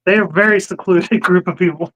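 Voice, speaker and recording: A man's voice: high voice, a little fast, a bit bright, low-quality recording. A man in casual banter, joking and cursing, laughing often. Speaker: co-host.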